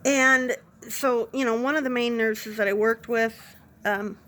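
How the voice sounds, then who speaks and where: A woman with a slightly high voice tells a funny story from her nursing job in a casual way. She is animated and pokes fun at herself as she goes. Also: unhurried. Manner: animated anecdote, self-deprecating, laughs through it. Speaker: nurse.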